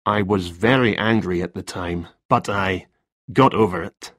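A man's voice: low voice, unhurried, a bit bright, no echo, clean studio sound. A man voicing a nervous male freelance writer in a story reading, talking in a hesitant, defensive way.

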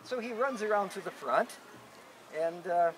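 A man's voice: high voice, a little slow, fairly bright tone, a little hiss or hum, low-quality recording. A man telling a folk tale to a live audience, playful and chuckling, often repeating his words. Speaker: storyteller. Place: live event recording.

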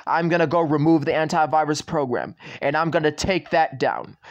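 A man with a noticeably high-pitched voice, talking straight into the camera in a vlog rant. He circles back over the same complaints again and again, swearing freely as he goes. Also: normal speed, few pauses. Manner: repetitive, swearing, ranting address to YouTube. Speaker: channel owner.

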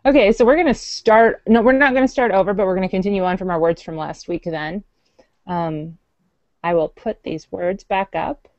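A woman's voice: mid-range voice, moderate pace, no echo, dull audio. A woman learning a language who asks curious questions and laughs easily. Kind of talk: casual lesson chat.

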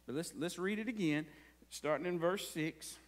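A man's voice: on the high side, normal speed. A man preaching a conversational sermon as pastor, asking the congregation frequent rhetorical questions.

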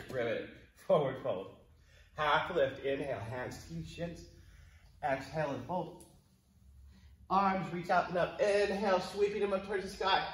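A man's voice: on the high side, echoey room. A man leading a kids yoga class at home, encouraging and playful as he counts the breaths. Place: home room.

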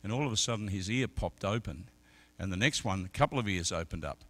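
A middle-aged man preaching a sermon as an evangelist, telling stories and swinging from quiet talk to loud shouted peaks. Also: low-pitched, expressive, fast talker, hardly any pauses. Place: church service.

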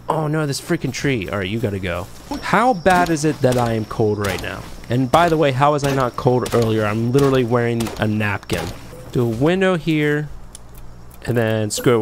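A man's voice: mid-range voice, slight background noise. A young man giving chatty, playful commentary as he plays a game and talks to his creatures. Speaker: gameplay commentator. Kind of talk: casual gameplay commentary.

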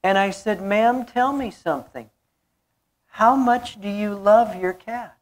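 A woman's voice: mid-range voice, slow pace. A woman pastor preaching a sermon, telling a story and repeating key phrases for emphasis.

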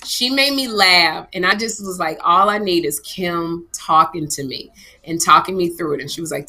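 A middle-aged woman co-hosting a casual comedy podcast, telling an animated story that swings between laughter and tears. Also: fairly low pitch, fairly quick. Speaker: co-host.

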